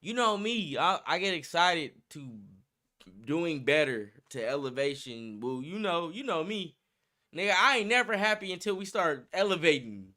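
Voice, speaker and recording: A man's voice: a little high, expressive, normal speed, pushed and bright. A young man hosting a livestream in casual, slangy, profane chat, hyped up and laughing often. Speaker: livestream host.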